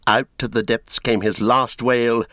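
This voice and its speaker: A man reading an epic tale aloud as an audiobook narrator, in a grave, deliberate voice that swells at dramatic moments. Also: medium pitch, level tone, bright, forceful tone, no echo, studio quality.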